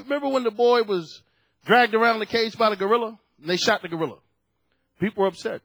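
A man's voice: very high-pitched, animated, brisk, a bit bright, husky, dry recording. A man preaching a sermon at a lectern to a congregation, telling stories with animation and acting out the voices in his quotes.

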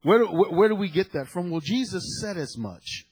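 A man's voice: high voice, lively intonation, moderate pace, breathy edge. A male preacher delivering a sermon, emphatic and dramatic, repeating key phrases for effect. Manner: dramatic storytelling with sudden loud peaks.

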